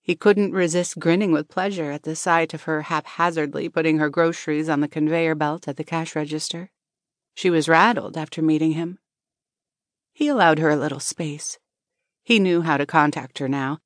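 Casting: a woman with a lowish voice for audiobook narration, dry close recording. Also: steady tone, normal speed, no room sound.

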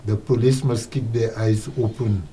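A man's voice: on the low side, steady tone, moderate pace, background noise. A man co-hosting a casual talk show, giving earnest, emphatic commentary. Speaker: co-host.

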